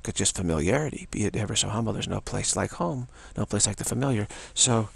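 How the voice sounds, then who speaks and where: A man's voice: on the low side, expressive, quick pace, vocal fry, husky, dry recording. A man giving a meandering, informal dharma talk as a spiritual teacher, often repeating phrases like a chant.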